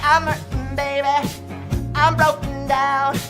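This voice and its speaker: A man putting on exaggerated, strained impressions of pop singers in a high mock-singing voice. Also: level tone, slow pace, over music. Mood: strained crooning.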